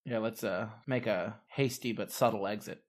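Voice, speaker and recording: A man playing a tabletop game, reacting in an animated way and speaking as his character. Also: on the low side, moderate pace. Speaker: player. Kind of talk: tabletop role-play chat.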